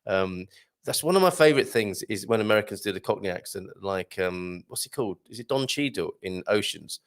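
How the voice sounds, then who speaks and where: A man's voice: lowish voice, expressive, fairly quick. A light-hearted man hosting a live chat show, reading out viewer comments and laughing often. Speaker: host.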